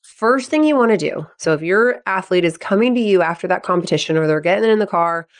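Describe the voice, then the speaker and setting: This thirty-something woman coaches sports psychology on her advice podcast, sounding brisk, upbeat, and expressive. When quoting people, she performs the lines in a higher voice.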